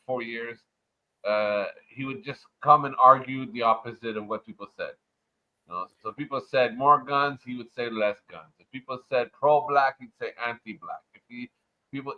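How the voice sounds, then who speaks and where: A man from Montreal ranting crudely and loudly in a casual livestream chat. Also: medium pitch. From Montreal, Canada. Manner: loud, profane, swaggering rant. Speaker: livestream panel guest. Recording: muffled lo-fi online audio.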